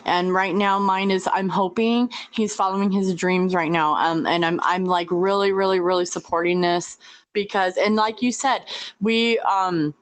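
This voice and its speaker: A woman's voice: mid-range voice, fairly even intonation, moderate pace. A woman, co-hosting a podcast in casual chat, talking hesitantly with fillers and restarts. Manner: hesitant, many fillers and repeats. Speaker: podcast co-host.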